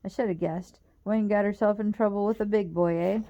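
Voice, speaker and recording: Woman voicing a cocky jailed young man, teasing, gravelly, muffled audio. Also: mid-range voice, fairly even intonation, a little fast, warm tone, lightly acted. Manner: wry, teasing. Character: cocky young Englishman in jail.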